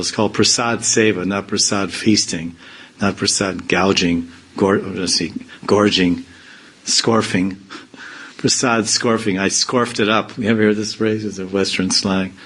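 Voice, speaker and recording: A man with a fairly low voice giving a loose, conversational spiritual discourse. He wanders between points and drops in playful asides, teaching the way a swami does. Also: a bit bright, rough recording. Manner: rambling, with playful asides and acted-out quotes. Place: temple community in India.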